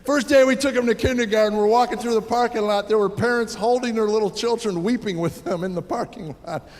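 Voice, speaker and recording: A man's voice: high voice, a little fast, a little mellow, a little hiss or hum. A man in his sixties doing a stand-up comedy set, telling wry stories and acting out voices. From United States. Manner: wry storytelling with acted-out voices. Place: theater stage before a live audience. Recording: live hall with audience laughter.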